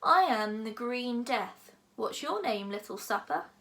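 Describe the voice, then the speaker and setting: A woman's voice: fairly high pitch, expressive, unhurried, vocal fry, fairly bright tone, exaggerated voice. A woman voicing a huge cheerful male dragon, philosophical and menacing, with a genial, pompous manner.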